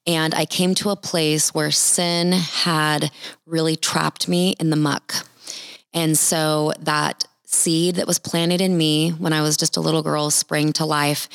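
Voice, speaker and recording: Low, gravelly woman giving testimony. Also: no echo, clean studio sound. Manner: earnest, heartfelt storytelling. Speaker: Christian speaker sharing testimony. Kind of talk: personal testimony talk.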